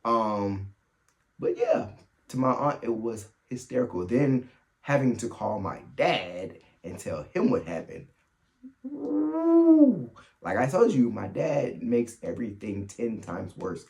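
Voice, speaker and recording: A man hosting a solo podcast, telling funny family stories in a casual, animated way and laughing as he goes. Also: on the low side. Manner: animated, laughs through his stories, quick asides. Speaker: podcast host. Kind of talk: solo storytelling chat.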